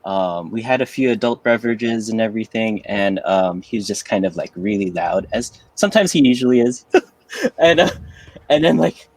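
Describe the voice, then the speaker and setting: A man's voice: fairly low pitch, lively intonation, moderate pace, dry recording. A man on a podcast telling a rambling, laughing story in casual chat. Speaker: podcast panelist.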